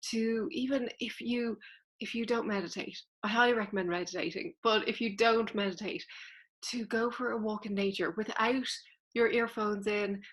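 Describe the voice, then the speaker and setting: A woman, a spiritual teacher explaining things earnestly and directly to her viewers in a casual vlog. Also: mid-range voice.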